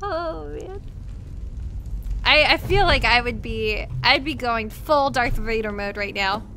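A young woman streaming a video game live, reacting excitably with shouts, groans and laughter as she plays. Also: a little high, slow, slight background noise. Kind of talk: live gameplay commentary.

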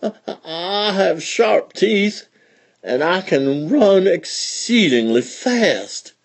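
Man playing a fussy storybook fox: high, swooping, husky, wailing and pleading. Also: very animated, takes it slowly, darkish tone, heavily acted. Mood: shaky. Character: fussy, pompous male fox, frantic.

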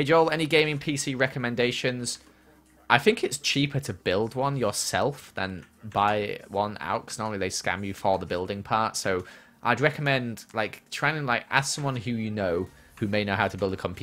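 A man's voice: lowish voice, fairly bright tone. A young man streaming a game, chatting casually and answering chat questions from a small room at home. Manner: chatty, reads chat aloud and answers while playing.

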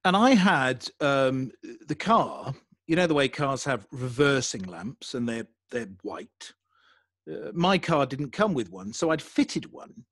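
A young adult English man telling a story in a casual interview, animated and self-deprecating. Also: mid-range voice, takes it slowly, dry recording, studio quality. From England. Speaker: podcaster guest.

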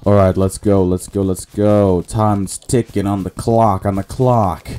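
Low, mellow-voiced man narrating his gameplay. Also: little pitch movement, measured pace. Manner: muttering running commentary to himself and viewers. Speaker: gaming channel host. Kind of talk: casual let's-play commentary.

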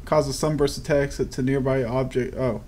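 A young man giving casual, profane, joking commentary while playing a video game, quick to get frustrated. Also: medium pitch, steady tone. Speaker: gaming video host. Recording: audible background noise.

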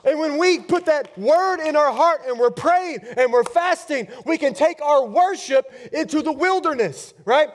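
A man preaching a sermon as pastor, shifting between fervent declarations and quiet, intense emphasis. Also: extremely high pitch, expressive, unhurried, few pauses. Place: church.

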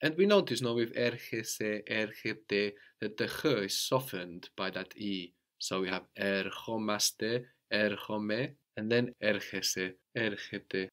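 A man with a lowish voice leads a spoken language lesson. He explains slowly and patiently, quizzes his student and repeats each answer back. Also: fairly bright tone. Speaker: language teacher.

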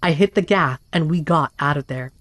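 Woman, lowish voice, scripted story narration, steady even read, dry close sound. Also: moderate pace, dry recording. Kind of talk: scripted narration of first-person accounts.

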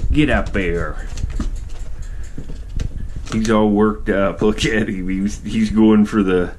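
A man with an Ohio accent digs for antique bottles outdoors at an old dump site, casually narrating a vlog to his pet squirrel and his viewers. His voice is on the low side and a little mellow, steady in tone, slow and full of pauses, with slight background noise.

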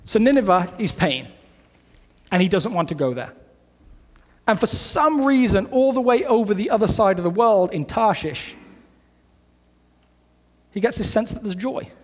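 A man preaching a sermon in a relaxed, conversational way, full of asides and restarts. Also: high-pitched, a little slow, long pauses, in a large hall. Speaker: pastor. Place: church sanctuary.

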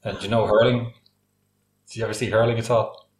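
A man's voice: lowish voice, fast, a crowd in the background. Irish man telling stories in a roomy space. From Ireland. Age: 40s. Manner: lively storyteller, full of "like" and "you know". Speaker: podcast guest, firefighter. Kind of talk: casual anecdote-telling in conversation.

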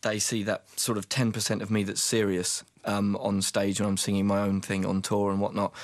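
A man chatting as a guest in a radio studio interview, self-deprecating and quick to laugh. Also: lowish voice, monotone, no room sound. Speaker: singer and actor, guest. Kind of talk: casual radio interview chat.

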